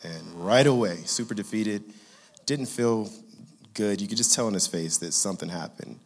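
A man's voice: on the low side, normal speed, faint music behind. A man in his thirties from California, telling a personal faith story in an earnest, conversational way. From Inglewood, California. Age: 30s. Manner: earnest, conversational, laughs at his own jokes. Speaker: father sharing a faith testimony.

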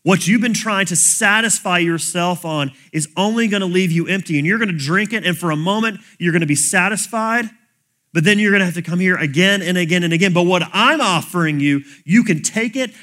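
Bright-voiced male preacher. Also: sits high, fairly quick. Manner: conversational preaching, plain everyday phrasing. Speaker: pastor. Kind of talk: sermon.

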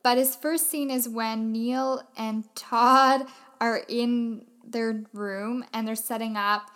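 A chatty woman talking through a film with a co-host, her voice sitting a little high. She explains things at length in a relaxed, conversational way. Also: slow. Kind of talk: casual conversation.

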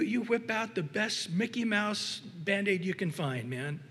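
A man preaching a sermon with animated delivery, acting out little voices and often restarting his words. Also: sits high, moderate pace, few pauses, long reverb tail. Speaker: pastor.

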